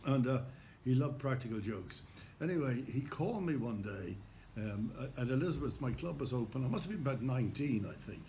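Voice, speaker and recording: Hoarse older Irish man, gravelly, lively storyteller who acts out the voices. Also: mid-range voice, brisk, slight background noise. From Ireland. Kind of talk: personal anecdote told to camera.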